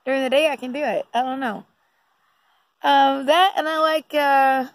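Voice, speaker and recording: A woman's voice: high voice, steady tone, moderate pace, dry recording, rough recording. A woman talking casually to her phone at night, rambling and giggling with lots of fillers. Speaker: vlogger. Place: indoors at night.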